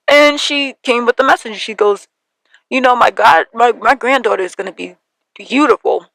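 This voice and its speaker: A young woman hosting a podcast, telling a personal story in an animated way and acting out the voices of her family. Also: fairly high pitch, moderate pace, vocal fry, dry recording, poor audio. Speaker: podcast host.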